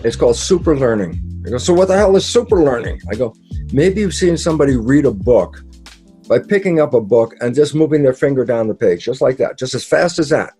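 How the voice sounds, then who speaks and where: A man explaining ideas in an interview, animated and casual, acting out quoted dialogue with sudden jumps in pitch and the odd mild swear word. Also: fairly quick, slightly rough, soft background music.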